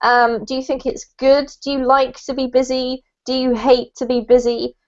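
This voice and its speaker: A woman's voice: high voice, level tone, moderate pace. Chatty woman teaching over a call. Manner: chatty, encouraging, laughs easily. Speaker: online English teacher. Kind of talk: casual teaching chat on a video call. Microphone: video call. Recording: muffled video-call audio.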